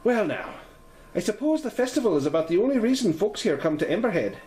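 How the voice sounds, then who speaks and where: A man's voice: sits high, big pitch swings, fast talker, darkish tone, reverberant, pitched above the performer's own voice. A man voicing a chatty village landlady with a put-on Scottish-sounding lilt. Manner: chatty, lilting, homely. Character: kindly village landlady, warm but guarded.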